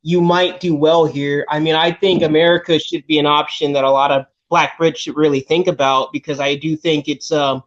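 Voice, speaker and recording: A hesitant man, a guest in a casual chat, with a slightly high voice. He restarts his sentences often, and the dull lo-fi sound comes from a remote call. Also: flat delivery, moderate pace, few pauses. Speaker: podcast guest.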